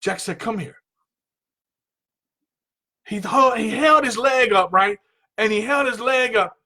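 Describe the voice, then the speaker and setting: High-voiced man telling an earnest story. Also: normal speed. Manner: earnest, repeats phrases, voice rises and strains when excited. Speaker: radio show host. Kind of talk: emotional personal storytelling on a talk show.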